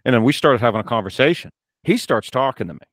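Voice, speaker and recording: A middle-aged man hosting a casual chat, relaxed and teasing as he tells a story. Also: mid-range voice, fast, dry recording.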